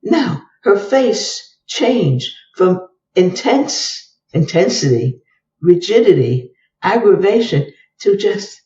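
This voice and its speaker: An older woman, a psychologist, telling case stories as an interview guest and acting out the dialogue in a lively way. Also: medium pitch, slow pace, recorded from a distance. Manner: lively storyteller who acts out the dialogue. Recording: roomy, dull sound from away from the mic.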